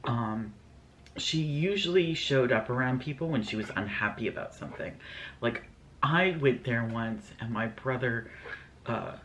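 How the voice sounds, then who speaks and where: A man's voice: mid-range voice, expressive, unhurried, fairly bright tone, a little hiss or hum. A man telling ghost stories in a casual storytime vlog, scatterbrained and rambling with lots of fillers. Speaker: vlogger.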